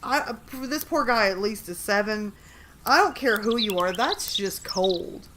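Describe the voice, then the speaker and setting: A woman's voice: medium pitch, lively intonation, a little slow, sharp tone, slight background noise. A woman hosting a casual livestream. She chats and giggles with her viewers as she reads short horror stories aloud. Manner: chatty, giggly, talks to chat. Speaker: livestream host.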